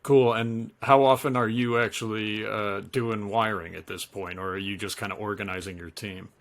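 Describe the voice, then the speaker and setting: Gravelly interviewer man. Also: lowish voice, fairly even intonation, moderate pace, fairly bright tone. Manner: brief affirmations, friendly prompts. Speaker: interviewer, host. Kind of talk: casual interview questions.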